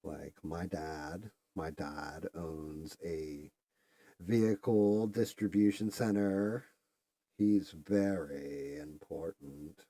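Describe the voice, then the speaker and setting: A spoiled, ditzy valley girl draws out every word in a slow, bragging drawl, as a man puts her on. The voice stays low and mellow. It sounds dry and close. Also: no room sound, heavily acted.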